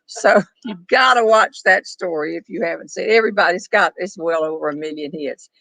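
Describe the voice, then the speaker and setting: An older woman, chatting and storytelling on a back porch, wry and quick to laugh. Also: lowish voice, creaky, pushed and bright, no room sound, low-quality recording. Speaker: storyteller host reading viewer questions. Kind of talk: casual chat with a friend.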